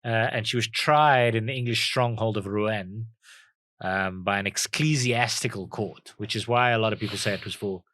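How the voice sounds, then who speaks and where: A man's voice: on the low side, moderate pace, a bit bright, no echo. A man co-hosting a casual comedy podcast, telling a history story with many ums and restarts. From South Africa. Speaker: podcast co-host.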